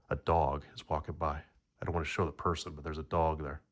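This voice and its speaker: A man's voice: very deep voice, level tone, quick pace, no room sound. A man hosting a card-opening video, rambling casually as he reads off player names and talks to his pet. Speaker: card-breaking channel host. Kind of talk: casual pack-opening chat.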